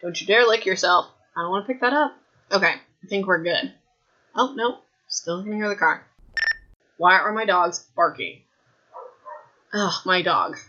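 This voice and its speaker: A woman in her thirties with a raspy throat, hosting a podcast from her home and chatting in a rambling way, saying "like" a lot. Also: fairly low pitch, a little slow, long pauses, sharp tone. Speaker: podcast host. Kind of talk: casual chat about a book. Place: home room. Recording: dull lo-fi home recording.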